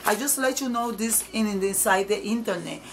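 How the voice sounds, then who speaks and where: A woman's voice: mid-range voice, fairly quick, a little hiss or hum, low-quality recording. A woman evangelist preaching informally to camera, emphatic and repetitive, in nonstandard English.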